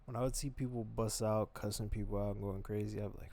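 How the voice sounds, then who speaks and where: A man giving loose, profane reaction commentary on videos, rambling and swinging between loud bursts and mutters. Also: on the low side, steady tone, quick pace, creaky.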